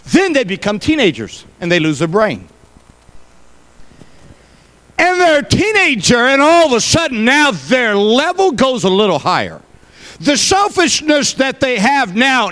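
A man's voice: extremely high pitch, wildly swooping pitch, measured pace, fairly bright tone. A male pastor preaching a sermon, folksy, with joking asides to the congregation.

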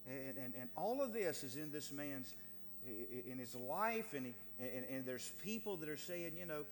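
A man preaching a sermon to his congregation with great passion, swinging from raised declarations to hushed, pleading tones. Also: mid-range voice, animated, normal speed, big-room sound, slight background noise. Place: church sanctuary.

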